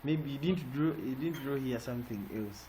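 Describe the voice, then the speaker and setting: A man's voice: medium pitch, moderate pace. A man teaching an online design class. He stops often to check in with "eh?" and "yeah?". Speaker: design trainer. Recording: noisy online call audio.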